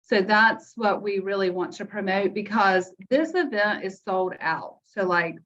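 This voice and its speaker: A woman's voice: medium pitch, unhurried, fairly bright tone, a little hiss or hum. A woman, a foundation director, chatting casually as a guest over a video call, telling stories with quoted asides. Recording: dull lo-fi call audio.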